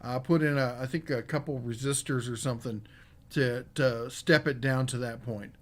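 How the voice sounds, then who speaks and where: Hosting a live tools podcast, a man speaks at medium pitch and normal speed. He answers viewer comments after reading them out, rambling casually and using lots of fillers.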